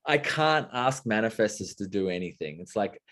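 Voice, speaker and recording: Guest, man, low voice, lively storyteller who acts out quoted bits. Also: moderate pace. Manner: expressive, acts out little quoted exchanges. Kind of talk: casual conversation.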